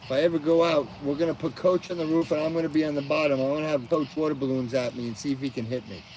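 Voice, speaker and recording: A man's voice: fairly high pitch, fairly even intonation, rapid-fire, darkish tone, slight background noise, low-quality recording. A middle-aged man hosting a casual live stream outdoors at night, sleepy and yawning as he chats with viewers, crickets behind him.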